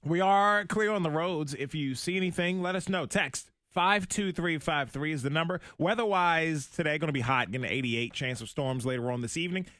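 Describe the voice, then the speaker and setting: A man's voice: a little high, fairly bright tone, no echo, clean studio sound. A man co-hosting morning radio, reading traffic and weather between teasing quips. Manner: quick teasing quips and laughs. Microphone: studio microphone.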